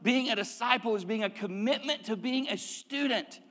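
A man's voice: high-pitched, moderate pace, a bit bright, in a large hall. A middle-aged male pastor preaching a sermon in a conversational way, with rhetorical questions and repeated phrases. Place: church sanctuary.

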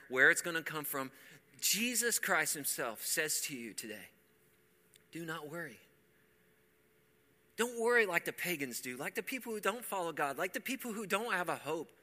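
A man preaches in a church sanctuary, his voice high and sharply bright. He drops to near-hushed, conversational stretches, then climbs into loud, passionate appeals. The sound carries a long reverb from the hall. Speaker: pastor. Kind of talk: sermon.

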